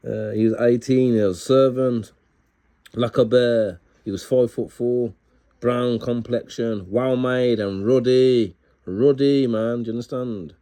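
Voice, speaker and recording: A man reading aloud from books and commenting excitedly, ending almost every phrase with "man". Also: mid-range voice, a little slow. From Scotland. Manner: excitable, peppers sentences with "man". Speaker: book reviewer. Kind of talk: casual video talk reading from books.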